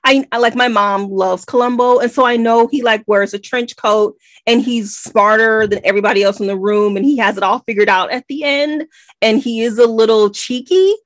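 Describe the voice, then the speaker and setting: An American woman co-hosting a casual book podcast, talking in an animated, emphatic way with rambling asides. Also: fairly high pitch, moderate pace, dry recording. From United States. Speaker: podcast co-host. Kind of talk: casual book-club chat.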